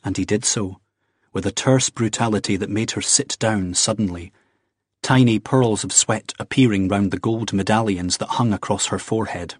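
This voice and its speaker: Husky-voiced male audiobook narrator. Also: on the low side, normal speed, no echo, clean studio sound. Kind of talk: scripted narration.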